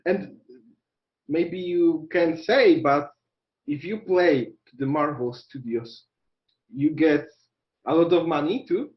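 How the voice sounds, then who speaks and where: A man interviewing in careful, halting English. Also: on the high side, roomy sound. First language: Polish. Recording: slightly dull recording.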